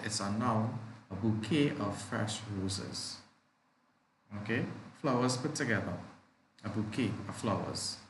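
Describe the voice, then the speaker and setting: Man, primary school teacher, slow and patient, repeats words, echoey room. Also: lowish voice, slight background noise. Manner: patient, repeats each word slowly. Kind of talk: live online class teaching.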